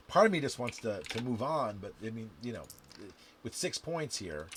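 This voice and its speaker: A man playing a dice game on camera, counting scores aloud and chatting to the viewer with sudden loud outbursts. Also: medium pitch. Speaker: game instructor. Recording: steady background noise with clicks and typing.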